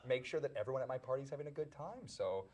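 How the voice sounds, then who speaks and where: A man, an actor guest on a talk show, telling a story in a lively way with frequent stumbles and restarts. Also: mid-range voice, fast.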